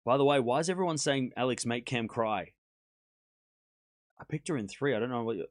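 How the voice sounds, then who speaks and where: A man streaming live tennis commentary, calling the points with excitement and chatting and teasing his viewers in between. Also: medium pitch, normal speed, long pauses, dry recording, clean studio sound. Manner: excited call-outs of play, then chatty asides to chat; teasing, mock-comforting viewers.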